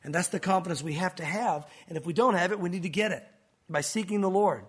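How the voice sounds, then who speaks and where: A man preaching a sermon in an animated way, acting out scenes and speaking directly to his congregation. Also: high voice, fast talker, breathy edge. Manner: animated, acts out bible scenes with sound effects. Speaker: pastor.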